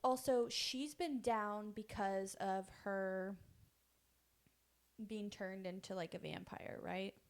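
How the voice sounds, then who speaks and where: A woman's voice: medium pitch, steady tone, slow pace. A woman co-hosting a podcast in an easygoing book chat. She moves the conversation from point to point and laughs lightly along the way. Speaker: podcast co-host. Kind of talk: casual book discussion.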